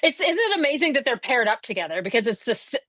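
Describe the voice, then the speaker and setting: A woman co-hosting a comedy podcast in casual chat, enthusiastic, stumbling over restarts and jumping up in pitch when excited. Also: fast talker, no echo. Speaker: podcast co-host.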